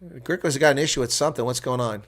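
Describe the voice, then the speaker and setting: An American man giving live reaction play-by-play commentary, chatty with viewers and breaking into loud shouts at big plays. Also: medium pitch, fast talker. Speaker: host.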